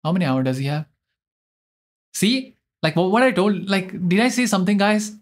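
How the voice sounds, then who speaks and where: A young man streaming a game live, chatting in a rambling, excitable way and often mocking his own mistakes. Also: high-pitched, normal speed. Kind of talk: live gameplay commentary.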